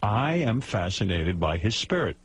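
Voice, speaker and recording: A man's voice: fairly low pitch, sing-song, moderate pace. A male radio talk show host who banters teasingly and with mock patience with a caller.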